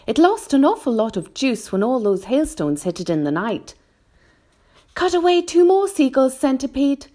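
A woman doing a high young boy giving calm orders. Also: normal speed. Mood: commanding.

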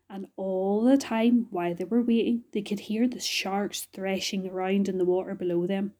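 A woman reading a storybook aloud to children, gentle and measured. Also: mid-range voice, fairly even intonation.

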